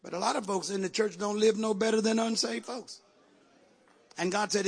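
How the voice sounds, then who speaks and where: A man preaching a sermon in a church, calling out to the congregation and rising to shouts. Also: high-pitched, fairly even intonation, normal speed, creaky, husky. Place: church sanctuary.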